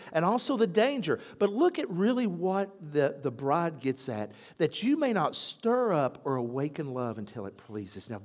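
This man's voice is fairly high and sounds like it fills a big room. He's a pastor delivering a sermon, animatedly telling stories and performing the quoted voices of their characters.

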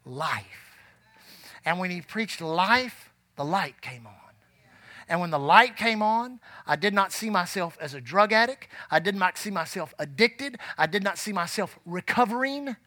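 Delivering a church sermon with fervor, a man climbs to shouting and sinks to a low, quiet voice when telling of his past. The recording has no echo.

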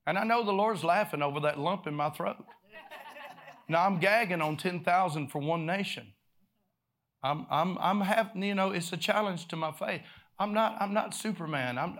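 A man preaching a sermon, telling a story with bursts of laughter, repeated words, and swings from loud to hushed. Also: a little high.

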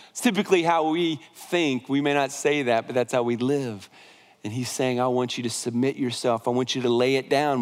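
A male pastor preaching a sermon in a conversational way, often repeating words and restarting phrases. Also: on the high side. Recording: long hall reverb.

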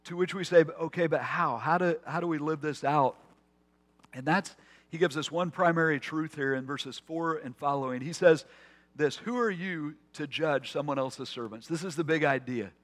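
Conversational pastor in a reverberant hall. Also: male voice, fairly high pitch, normal speed, a bit bright. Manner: conversational, with asides and restarts. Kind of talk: sermon.

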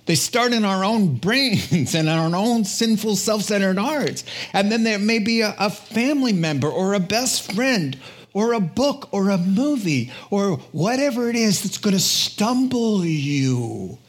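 A man, preaching a lively storytelling sermon, laughing often and dropping to a whisper for quiet lines. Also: fairly high pitch. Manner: animated storytelling, acts out quoted voices, drops to a whisper at times, laughs often. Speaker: pastor.

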